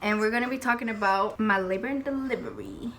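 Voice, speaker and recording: A woman's voice: mid-range voice, big pitch swings, quick pace, creaky, fairly bright tone, slight background noise. A young woman hosting a couple's vlog, chatting casually and acting out what people said as she tells her story. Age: young adult. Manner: chatty, retells scenes with quoted voices. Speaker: vlog host.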